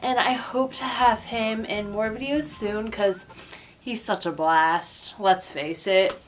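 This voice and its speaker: A woman's voice: medium pitch, slow, a little hiss or hum. A teenage girl vlogging casually at home, gushing and cooing in baby talk. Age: late teens. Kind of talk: casual vlog chat. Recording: echoey room, mic at a distance, music behind.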